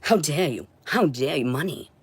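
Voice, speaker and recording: A woman speaks alone on a livestream in a fairly low voice, heard dry with no room sound. Her talk is intense and profane, coming in short, broken phrases. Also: animated, normal speed, slightly rough, no echo. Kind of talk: rambling solo livestream monologue.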